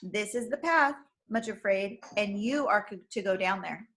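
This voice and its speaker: A woman reading aloud and voicing a gentle male shepherd who speaks softly and calmly. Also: a little high, normal speed, close to an everyday voice. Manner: gentle, soft and calm.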